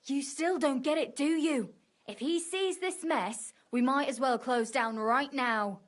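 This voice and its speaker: An actress playing an impatient woman who runs a tavern in a video game, scolding and giving brisk orders. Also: high voice. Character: bossy woman running a tavern, impatient and practical.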